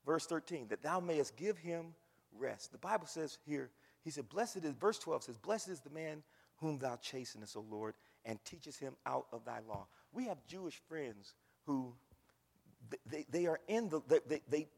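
Preacher guy, gravelly husky voice, swings from shouting down to whispers, big echo hanging off it. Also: on the high side, lively intonation, moderate pace. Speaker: pastor. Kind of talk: sermon.

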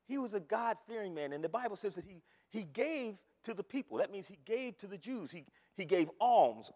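Male preacher, high lively voice, sermon in a reverberant church. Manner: animated, repeats phrases, rises to shouts. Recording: long hall reverb.

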